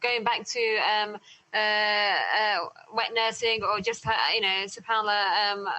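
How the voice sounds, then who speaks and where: A woman's voice: medium pitch, fairly even intonation, unhurried, sharp tone, rough recording. A woman hosting an interview, speaking casually and hesitantly with many fillers and restarts. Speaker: podcast host and interviewer.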